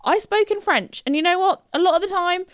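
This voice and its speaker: A woman's voice: extremely high pitch, a little fast, no echo, clean studio sound. A young British woman hosting her podcast, chatting casually and giggling, with plenty of fillers and restarts. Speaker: podcast host. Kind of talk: casual chat.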